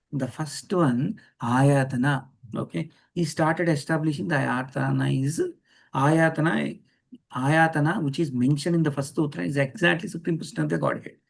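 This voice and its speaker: A scripture teacher with a fairly high voice and vocal fry gives a devotional lecture. He repeats key phrases and checks in with listeners by asking them "yes or no?"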